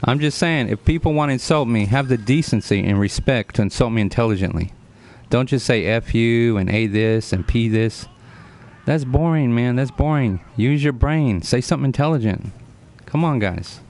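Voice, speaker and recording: This man in his forties has a medium-pitched, slightly mellow voice at normal speed. In a casual live-stream chat, he earnestly answers viewers by name, tending to lecture and repeat himself.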